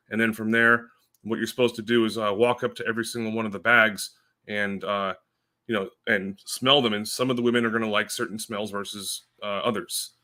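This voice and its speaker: A man's voice: fairly low pitch, bright, forceful tone. A man talking as a guest in a casual podcast chat, rambling with many fillers and turning blunt.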